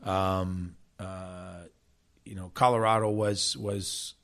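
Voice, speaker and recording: A man's voice: low-pitched, slow pace, gravelly. A middle-aged man from South Jersey, an interview guest telling stories from his playing career with lots of restarts and repeated words. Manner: animated storyteller with many restarts. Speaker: interview guest, former player and coach. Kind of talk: storytelling conversation.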